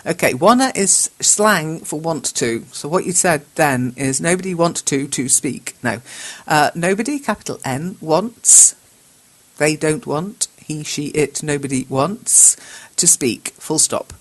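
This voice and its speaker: A woman's voice: low voice, lively intonation. A woman hosting an English-learning chat show, patiently reading out learners' messages and spelling corrections letter by letter, with frequent chuckles. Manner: patient, spells words out slowly, chuckles often.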